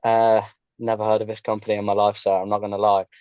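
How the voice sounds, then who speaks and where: A man's voice: lowish voice, monotone, quick pace, darkish tone, smooth, dry recording, lo-fi sound. A young man, a drama student, telling his story casually in an interview, chatty and full of fillers, joining online. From Coventry, England. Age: young adult. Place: online call.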